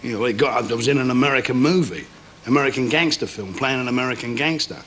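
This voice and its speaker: A male actor chatting casually in an interview, quick and self-mocking. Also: mid-range voice, fairly bright tone.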